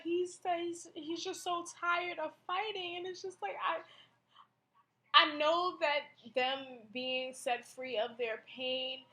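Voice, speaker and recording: A young woman in a personal confessional monologue, halting and emotional, with many fillers and restarts. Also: sits high, sharp tone. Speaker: blogger.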